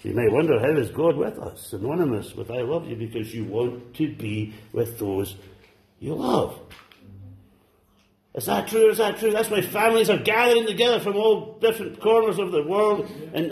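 A man preaches a church sermon in a high, light voice, calling out to his listeners with fervent exclamations. He swings between loud bursts and hushed asides. The sound carries an echoey room around it. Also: lively intonation, moderate pace. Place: church service.

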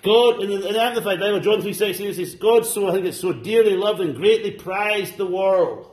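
A man preaches a church sermon in a high, light voice, calling out to his listeners with fervent exclamations. He swings between loud bursts and hushed asides. The sound carries an echoey room around it. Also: a little fast. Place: church service.

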